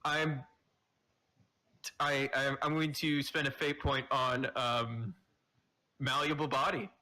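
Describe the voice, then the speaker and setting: A man's voice: medium pitch, flat delivery, takes it slowly, sharp tone, rough recording. A man playing a tabletop game, reacting with exasperated, laughing remarks. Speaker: player.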